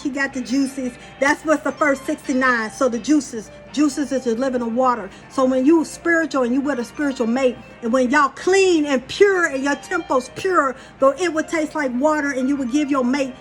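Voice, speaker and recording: A woman rambling through a spiritual monologue, blunt and profane, telling a story in a loose, casual way. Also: high-pitched. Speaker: spiritual channeler.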